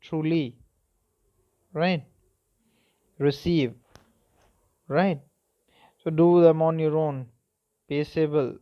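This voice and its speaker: A man's voice: on the high side, steady tone, drawn-out words, pauses often. A man teaching a class spelling rules, spelling words out letter by letter and checking that the class is following. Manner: spells words letter by letter, asks "okay?" and "clear?". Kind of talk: spelling lesson. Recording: dull lo-fi recording.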